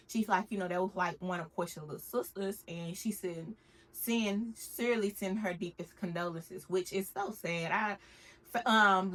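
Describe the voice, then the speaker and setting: A woman giving a casual TV recap, acting out the cast's lines with big swings in her voice. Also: medium pitch. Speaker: recap vlogger.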